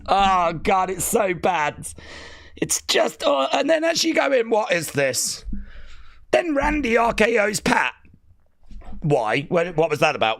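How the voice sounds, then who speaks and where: Middle-aged guy ranting on a wrestling watch-along stream, swings up and down a lot, slow drawl, dry close mic. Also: sits high, vocal fry, fairly bright tone, no echo. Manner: exasperated ranting, sarcastic. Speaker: live stream host.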